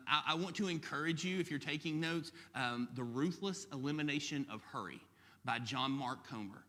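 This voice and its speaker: Southern campus pastor, lively sermon delivery, talks fast, bright tone with long hall reverb. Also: male voice, medium pitch. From Alabama. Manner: fast, animated, quick to joke. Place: church hall.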